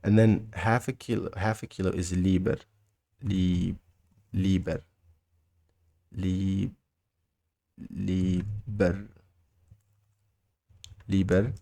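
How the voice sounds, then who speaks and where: A man with a Mauritanian accent giving a casual spoken language lesson, often halting and repeating words and phrases slowly for learners. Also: low-pitched, little pitch movement, gravelly, warm tone. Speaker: language teacher.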